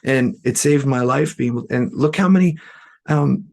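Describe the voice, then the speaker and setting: A man from Canada telling a personal story as a podcast guest, in an earnest, halting way with many fillers and restarts. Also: medium pitch, creaky, a little mellow. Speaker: guest musician.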